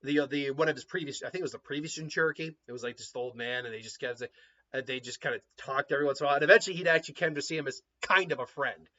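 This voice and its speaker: A man casually retelling a fan story, rambling and animated with many fillers. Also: mid-range voice, very fast, lo-fi sound.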